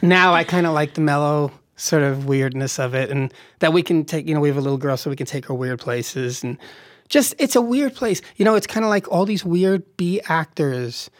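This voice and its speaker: A man's voice: on the high side, moderate pace, no echo. A man talking as a guest writer-director in a casual interview, rambling and laughing often.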